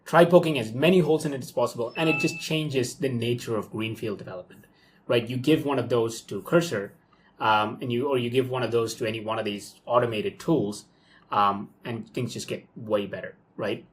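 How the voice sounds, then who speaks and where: A young man talks through his work live at his desk. His voice sits at a middle pitch, loose and excitable. He thinks aloud, filling gaps with okays and ums. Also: moderate pace. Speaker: software developer talking through his workflow. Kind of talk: casual live screen-recorded walkthrough.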